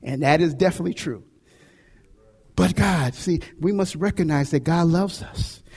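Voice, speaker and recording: A male pastor preaching a sermon, telling a personal story with lively, animated delivery. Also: a little high, normal speed, slightly rough, long reverb tail. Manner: animated storytelling with shouts and laughs.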